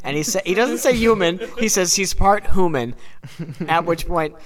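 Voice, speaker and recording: A man's voice: sits high, fairly quick, crowd noise. A young man, a podcast co-host, telling a comedic story with lots of swearing and acted-out voices. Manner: animated, swearing, acts out voices.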